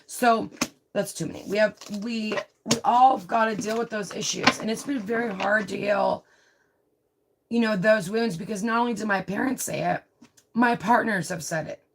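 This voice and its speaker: A woman's voice: mid-range voice, normal speed, creaky. Woman tarot reader on a livestream; chatty, confiding delivery, mid-range voice, faint noise behind. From Italian heritage. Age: adult with a child. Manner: chatty, confiding, peppered with "right?" and "you know". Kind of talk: live tarot reading.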